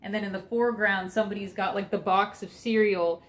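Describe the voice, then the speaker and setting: Woman, co-host, casual chat, imagines scenes, mid-pitched voice. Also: fairly even intonation, brisk. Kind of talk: casual reaction podcast chat.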